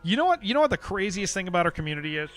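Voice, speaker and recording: A man's voice: sits high, sing-song, very fast, fairly bright tone. Rambling male streamer over faint music. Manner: rambling, repeats himself, reads and answers chat. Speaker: livestreamer playing an online game. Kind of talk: casual live-stream chat to viewers.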